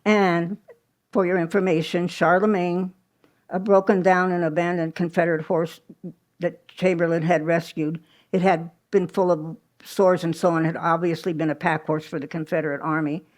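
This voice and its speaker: A woman's voice: fairly low pitch, level tone, normal speed, a little mellow. A woman giving a live history talk at a small museum, telling the story conversationally with asides and small restarts. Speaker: history presenter.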